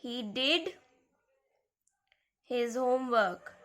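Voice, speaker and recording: Slow high-voiced teacher woman. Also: animated, a bit bright. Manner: slow, repeats key words, addresses kids. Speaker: school English teacher. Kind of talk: recorded grammar lesson.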